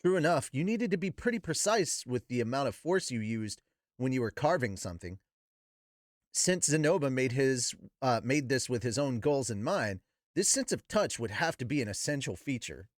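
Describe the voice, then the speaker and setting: Man reading a novel aloud with profane asides, lively pitch, dry close mic. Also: moderate pace, no room sound. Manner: animated, profane, laughing asides. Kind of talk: book reading with casual commentary.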